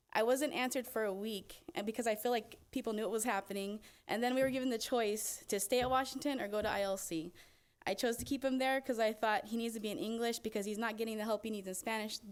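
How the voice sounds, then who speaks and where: Earnest, emotional mother at a board meeting. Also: a little high. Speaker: parent giving public comment. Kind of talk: public comment at a meeting. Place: school board meeting room.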